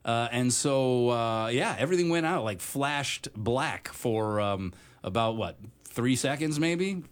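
A man's voice: mid-range voice, lively intonation, slow. A man co-hosting a radio talk show who rambles through stories with lots of "uh" and "like." His delivery is loose and conversational, and he often laughs between thoughts. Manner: chatty, rambling with many fillers, laughs easily. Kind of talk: casual on-air banter.

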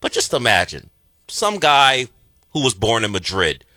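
A man's voice: medium pitch, sing-song, unhurried, sharp tone, dry recording. A man co-hosting a sports show, bantering casually and mimicking others mockingly. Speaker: radio sports show host.

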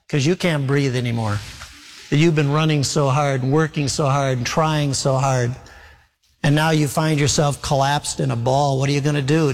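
A male pastor delivers an earnest, exhorting sermon in a fairly high voice. Long reverb from a big church hall trails after his words. He acts out the dialogue as he tells stories. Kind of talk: sermon with storytelling.

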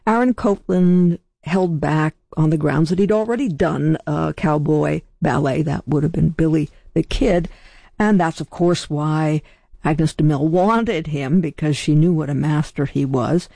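A woman radio host with a gravelly voice, giving the weather and chatting about music with a conversational manner. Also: sits low, a little slow, mellow, dry recording. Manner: conversational, with restarts. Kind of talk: casual radio hosting.

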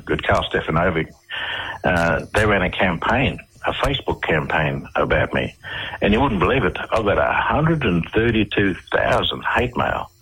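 Australian man, middle-aged, deep husky voice, halting storyteller, interview guest. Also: a bit bright, rough recording. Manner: halting, with many restarts and repeated words.

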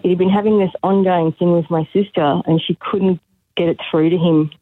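A woman's voice: lowish voice, steady tone, moderate pace, no echo. Woman on a tinny phone line. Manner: chatty, quotes people as she goes. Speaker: caller. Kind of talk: casual phone-in anecdote.

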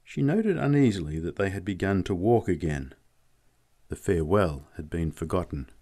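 Man reading a novel aloud, low voice, slow and really lively in pitch. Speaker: narrator. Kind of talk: audiobook reading.

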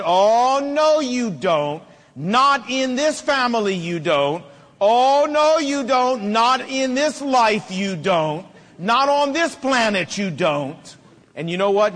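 High-voiced preacher man in a reverberant hall. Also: a bit bright. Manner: emphatic, repetitive rhetorical preaching with folksy humor. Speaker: pastor. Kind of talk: sermon.

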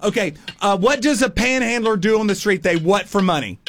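Halting man giving clues, fairly high voice. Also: expressive, a bit bright, a little hiss or hum. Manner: halting, searching for words. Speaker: radio show co-host. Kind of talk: radio game segment, giving clues.

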